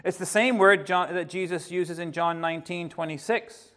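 Earnest preacher, slightly high voice. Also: male voice, steady tone. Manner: earnest, halting, with many restarts and soft asides. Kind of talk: evening sermon.

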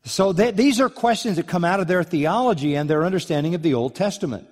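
A man's voice: high voice, expressive, quick pace, a little mellow. A man preaching an expository sermon, earnest and emphatic, sometimes acting out the lines he quotes. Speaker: pastor. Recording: long reverb of a large hall.

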